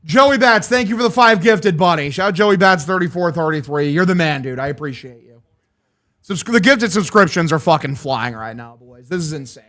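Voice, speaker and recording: Young man, high voice, streamer, hyped, profane, play-by-play and chat shout-outs. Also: lively intonation, brisk. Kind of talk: live watch-along play-by-play.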